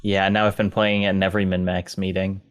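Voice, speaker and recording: A man on a casual games podcast panel, reasoning through his points in an animated way. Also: deep voice, fast. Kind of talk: casual roundtable chat.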